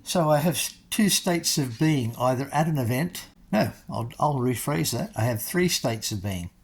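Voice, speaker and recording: A man's voice: medium pitch, animated, normal speed, vocal fry, breathy edge. A man, chatting casually to his viewers and telling a story with wry, self-mocking asides. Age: 60s. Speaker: vlogger.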